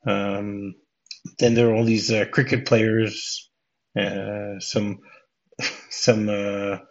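A man's voice: on the low side, level tone, very slow, gravelly, dull audio. A man hosting a casual movie podcast who retells film scenes and acts out the characters' lines. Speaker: podcast host.

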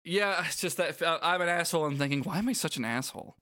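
A man's voice: a little high, quick pace, pushed and bright. A man co-hosting a casual podcast, reading game dialogue aloud and joking with profanity. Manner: profane, jokey, laughs often. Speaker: podcast co-host.

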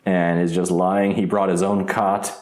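A man's voice: low voice, level tone, measured pace, darkish tone, roomy sound. A man co-hosting a podcast, recapping an episode in a rambling, casual way and laughing often. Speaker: podcast co-host.

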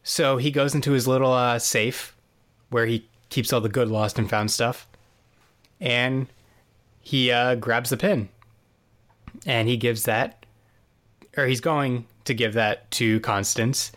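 A man's voice: medium pitch, fairly even intonation, slow, long pauses, fairly bright tone. A man co-hosting a podcast, casually recapping a TV episode in a dry, sarcastic way with plenty of fillers and restarts. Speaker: podcast co-host.

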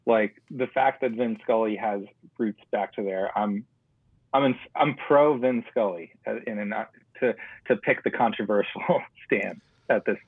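A man guesting on a podcast, talking in a hesitant, halting casual way over a tinny phone-like line. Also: fairly low pitch, husky, no room sound.

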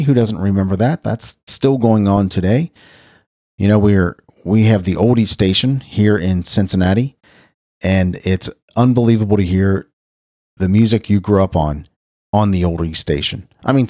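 A man's voice: on the low side, dark tone, no echo, clean studio sound. A middle-aged man hosting a radio show, chatting casually through a rundown of birthdays and history, rambling and correcting himself as he goes. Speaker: radio host.

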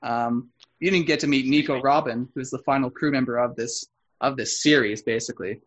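A man's voice: mid-range voice, a little fast, a bit bright, lo-fi sound. A man co-hosting a podcast, explaining details casually and correcting himself as he goes. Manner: explanatory, self-correcting, knowledgeable fan. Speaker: podcast co-host. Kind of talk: casual chat.

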